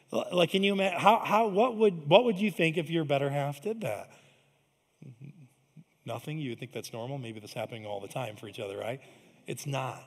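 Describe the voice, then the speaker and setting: A man's voice: high voice, in a large hall. A man preaching a sermon as pastor, in a conversational, emphatic style with frequent asides to the congregation. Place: large church hall.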